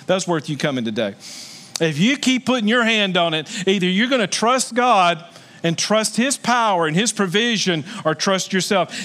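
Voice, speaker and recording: A middle-aged man preaching a sermon as pastor, earnest, slowing to soft stresses and rising into loud, high exclamations.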